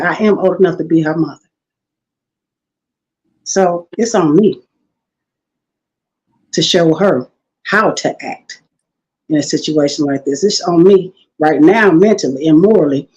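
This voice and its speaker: A woman's voice: mid-range voice, highs cut off. A middle-aged woman guest telling stories in a casual talk, acting out the people she quotes and laughing often. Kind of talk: casual storytelling interview.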